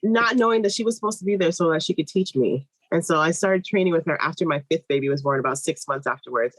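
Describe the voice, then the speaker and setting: Animated woman telling a birth story. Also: breathy edge, no room sound, poor audio. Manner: animated, acts out quoted voices with big pitch jumps; fast, run-on telling with restarts. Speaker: guest, midwife. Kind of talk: personal storytelling in conversation.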